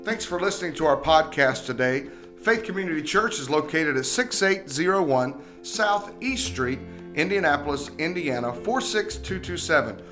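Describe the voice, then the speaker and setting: A man reading a scripted church podcast outro in a steady, upbeat way. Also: on the high side, moderate pace, over music. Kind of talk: scripted announcement.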